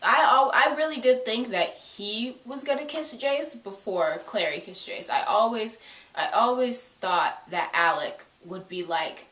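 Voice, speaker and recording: A young woman reviewing a show in a casual vlog at home, gushing and excitable, saying "like" constantly. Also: fairly high pitch, measured pace, breathy edge. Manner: gushing, excitable, heavy use of "like". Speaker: video reviewer. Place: at home by a couch.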